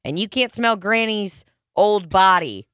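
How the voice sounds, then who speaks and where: A woman's voice: mid-range voice, animated, measured pace, fairly bright tone, clear, resonant tone, dry recording, studio quality. A woman co-hosting a casual chat, riffing on crude comic bits with playful exaggeration.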